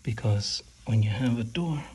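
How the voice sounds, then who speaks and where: A man's voice: medium pitch, lively intonation, moderate pace, dark tone, slight background noise. A man teaching how to paint a door. He talks while he works, often drops to a whisper and makes joking asides to the viewers. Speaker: painting instructor. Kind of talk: hands-on painting demonstration. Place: indoors at a door being painted.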